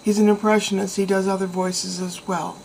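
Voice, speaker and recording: A woman's voice: mid-range voice, level tone, fairly quick, gravelly, darkish tone, slight background noise, poor audio. A woman vlogger talking to her camera in a chatty, meandering way, talking to herself now and then. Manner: chatty, meandering, with laughs and self-talk. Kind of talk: casual rambling monologue.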